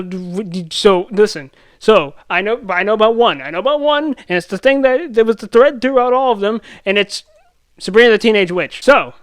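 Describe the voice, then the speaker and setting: A young man rambling through a pop-culture rant as a YouTube commentator, excitable and full of restarts and self-interruptions. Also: high-pitched, smooth, dry recording.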